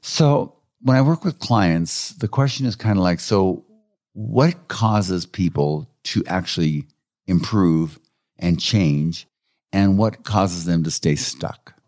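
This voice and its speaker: A man, a counselor, telling anecdotes about his clients in a lively conversational way, often chuckling. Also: low voice, slow pace, no room sound, studio quality. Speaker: counselor who works with clients. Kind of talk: conversational interview storytelling.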